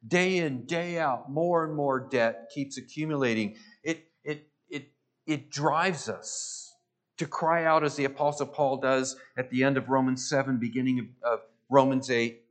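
A man's voice: mid-range voice, moderate pace. A man preaching a sermon, emphatic, swelling and dropping his voice and repeating phrases for stress. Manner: emphatic, rising and falling for stress.

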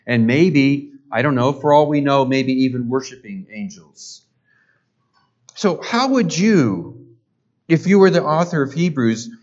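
A male pastor preaching a sermon, building up emphatic repeated phrases. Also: on the high side. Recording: dull lo-fi sound.

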